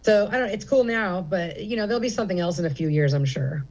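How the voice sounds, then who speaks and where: A woman's voice: lowish voice, animated, fast talker, background noise. A middle-aged woman comedian speaking as an interview guest at a comedy theater, candid and rambling with many fillers. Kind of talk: casual interview chat.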